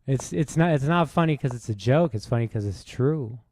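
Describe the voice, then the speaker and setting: A man's voice: mid-range voice, lively intonation, brisk, darkish tone, no echo. A man streaming chess, rambling through a rude comic roast with lots of false starts. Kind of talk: casual streaming commentary while playing.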